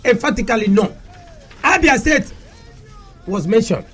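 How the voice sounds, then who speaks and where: A man with a Nigerian Igbo accent, a guest on a radio talk show, speaking passionately and switching languages. He repeats his points and rises to shouts. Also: very high-pitched, animated, a little slow, slightly rough. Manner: fiery, repeating lines and rising to shouts. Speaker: media aide to a senator, studio guest. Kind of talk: impassioned radio talk, mixing English, Pidgin and Igbo. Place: radio studio.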